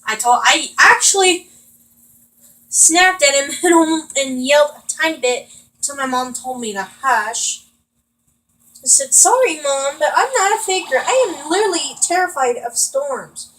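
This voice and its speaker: A woman's voice: sits high, expressive, a little slow, fairly bright tone, poor audio. A young woman venting in rambling, frustrated casual chat while she plays a video game. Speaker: vlogger.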